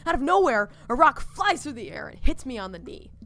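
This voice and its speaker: A woman hosting a let's play, reading a visual novel aloud in an animated, comedic way. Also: a little fast, creaky. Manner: animated and comedic, pitch leaping on exclamations.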